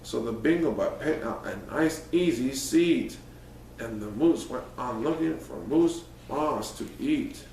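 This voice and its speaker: A man's voice: mid-range voice, lively intonation, a little slow, vocal fry, a little mellow, slight background noise. Man reading a rhyming storybook. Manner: playful, sing-song rhyming delivery. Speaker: storyteller in a cat costume persona. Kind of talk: reading a rhyming picture book aloud. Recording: roomy, distant mic, faint ambience.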